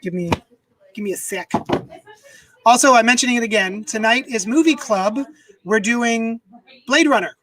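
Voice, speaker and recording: A man's voice: very high voice, normal speed, bright, forceful tone, a little hiss or hum, poor audio. A man casually chatting on a live stream from his home desk, rambling and reading viewer comments aloud into a desk microphone. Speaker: comics unboxing streamer.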